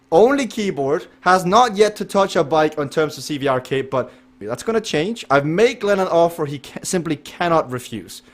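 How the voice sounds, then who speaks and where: Upbeat man calling a virtual race. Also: fairly high pitch. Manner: lively, chatty, jokes with the chat. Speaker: race commentator and stream host. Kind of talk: live esports race commentary.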